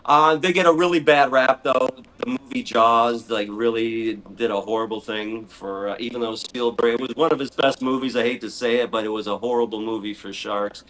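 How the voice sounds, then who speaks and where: A middle-aged man telling a story in conversation, animated and excitable. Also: mid-range voice, normal speed, hardly any pauses. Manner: animated, excitable storyteller who acts out his own shrieks. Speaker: animal rights speaker, guest.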